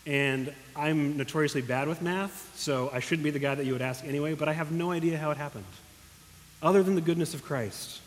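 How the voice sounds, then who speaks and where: A man's voice: a little high, fairly quick, a little hiss or hum. A pastor preaching a sermon in earnest, emotional tones, speaking directly to his congregation. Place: church hall. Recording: long echo of a large hall.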